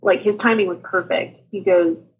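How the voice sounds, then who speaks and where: A woman in her thirties, a guest on a talk show, telling her story in a casual, animated way, laughing often and acting out what people said. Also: mid-range voice, normal speed, slightly rough, poor audio. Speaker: podcast guest sharing her birth story.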